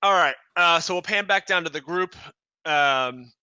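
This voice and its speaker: A man in the dungeon master's seat, talking through the scene in a loose, rambling way full of fillers and restarts. His voice is very bright and sits close and dry on the mic, with no room around it. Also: fairly high pitch, unhurried, clear, resonant tone, dry recording. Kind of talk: narrating a tabletop game.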